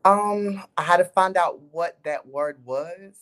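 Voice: mid-range voice, slow pace, fairly bright tone. A guest in an interview, talking reflectively with frequent ums. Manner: reflective, many "um"s. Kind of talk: casual interview talk.

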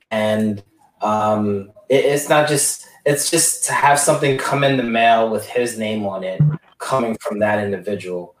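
A man caring for his father, telling rambling stories in a casual group chat and acting out the voices he quotes. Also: lowish voice. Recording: roomy, distant mic.

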